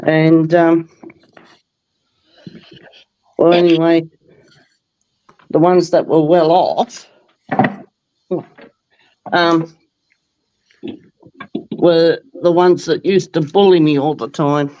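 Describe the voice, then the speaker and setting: A man speaking as a guest on a live stream, talking hesitantly and pausing with fillers. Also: on the high side, little pitch movement, dark tone. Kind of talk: casual chat. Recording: dull lo-fi sound.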